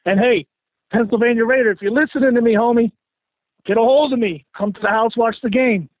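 A man's voice: extremely high pitch, brisk, dry recording. A man calling in to a sports show, fired up and slangy, rambling through his thoughts. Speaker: caller. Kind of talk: excited call-in sports fan talk. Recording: tinny phone line.

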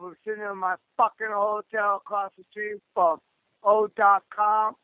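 A man's voice: little pitch movement, normal speed, clean tone, no room sound. A man from Southern California calling into a radio show, ranting angrily with constant cursing. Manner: angry, profane ranting at a raised pitch. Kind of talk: call-in rant. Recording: dry tinny phone line.

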